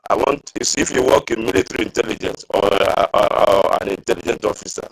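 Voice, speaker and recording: A man's voice: on the low side, fast talker, gravelly, husky, poor audio. A man, a veteran on an online group call, speaking earnestly and quoting scripture. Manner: earnest, preaching, quotes scripture.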